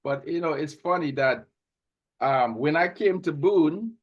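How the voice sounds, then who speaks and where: A man from Trinidad with a softened Trinidadian accent, co-hosting a casual talk show and telling stories. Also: a little high, expressive, measured pace, breathy edge, lo-fi sound. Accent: Trinidadian, softened toward North American. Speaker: podcast co-host. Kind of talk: casual chat.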